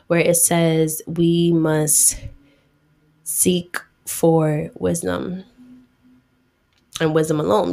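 A woman's voice: lowish voice, creaky, a little mellow. A woman giving a casual, slangy sermon, retelling a Bible story in a chatty way full of 'like'.

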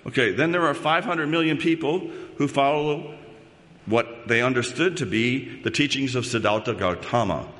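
A pastor preaches a sermon in a medium-pitched, slightly bright voice at normal speed, keeping it conversational and checking in with the congregation often. The recording carries the long reverb of a large hall.

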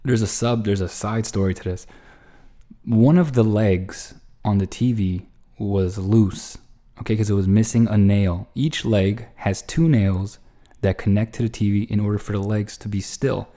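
At a moderate pace, this man delivers a rambling, profanity-laced casual anecdote, full of false starts. His voice is dark, mellow, and slightly low, and his retelling of his frustrations comes across as exasperated and animated.

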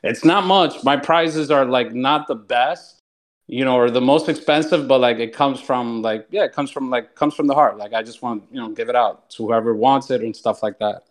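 A man's voice: mid-range voice, normal speed. A man chatting on a community voice call, rambling and filling his talk with "like" and "you know". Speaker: community member offering giveaways. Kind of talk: casual chat on a community voice call. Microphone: online voice call.

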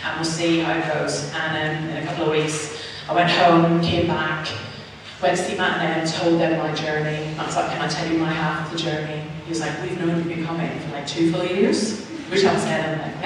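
A woman's voice: sits low, level tone, fairly quick, a little hiss or hum. Female preacher, conversational testimony, distant mic in a reverberant church hall. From Northern Ireland. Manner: chatty storytelling, acts out quoted voices. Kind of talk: personal testimony in a sermon. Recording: echoey hall, mic far off.

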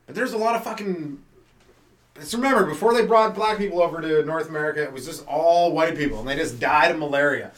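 A man's voice: on the high side, quick pace, fairly bright tone, distant mic. Rambling profane male comedian, roomy sound. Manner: loose, profane, conversational with rhetorical questions. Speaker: stand-up comedian podcast host.

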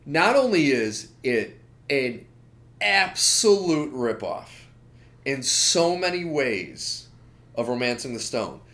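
A man co-hosting a podcast, ranting in an animated, opinionated way with lots of asides. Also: medium pitch, slow. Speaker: podcast co-host. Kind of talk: casual chat.

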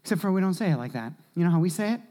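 Male pastor, sermon delivery, very animated, wide swings from shouting to near-whisper. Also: sits high, rapid-fire.

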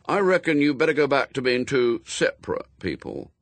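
A man's voice: medium pitch, very animated, normal speed, no room sound, pitched above the performer's own voice. A man reading a storybook, voicing a blunt, matter-of-fact boy. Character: plain-spoken boy.

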